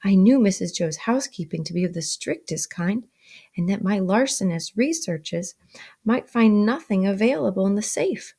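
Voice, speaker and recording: A woman's voice: mid-range voice, animated, normal speed, warm tone, husky. A woman teacher reading a novel aloud and stopping to explain vocabulary, with frequent ums.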